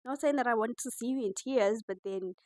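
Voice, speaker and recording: A woman giving casual, animated commentary on a reality TV show. She laughs often as she reacts. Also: a little high, a little fast, no echo, poor audio. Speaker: reality TV reviewer.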